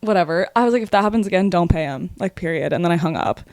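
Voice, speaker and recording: In a studio-quality clip with no room sound, a young woman in her twenties speaks in a fairly low pitch. As a podcast co-host, she rattles off a wild story in casual chat, animated and quick, cursing often and leaning on "like."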